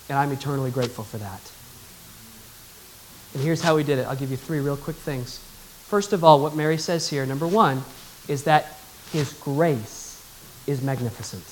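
A male pastor with a fairly high voice preaches a sermon on a rough recording with slight background noise. He's emphatic and calls on the congregation to answer back.

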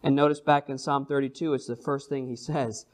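A man preaching a sermon, expressive and emphatic, reading scripture slowly in old-style wording. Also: mid-range voice.

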